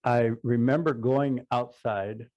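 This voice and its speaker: An older man, a radio show co-host, telling a personal recovery story in a halting way, often repeating words as he recalls. The audio is slightly dull. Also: mid-range voice, steady tone, darkish tone.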